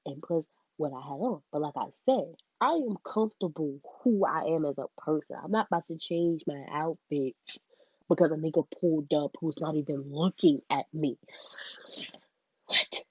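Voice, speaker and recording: A young woman tells a casual storytime vlog, animated and quoting people in changing voices. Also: sits low, moderate pace, breathy edge, no room sound, muffled recording.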